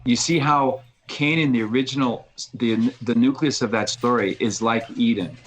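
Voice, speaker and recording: A man, a podcast guest, talking casually and retelling a story with animated restarts. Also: medium pitch, moderate pace, rough recording. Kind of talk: casual conversation.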